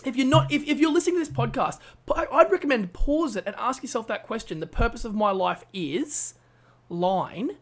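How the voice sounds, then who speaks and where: A man's voice: very high-pitched, animated, moderate pace. A man co-hosting a motivational podcast, enthusiastic and insistent, repeating his instructions to listeners. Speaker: podcast co-host.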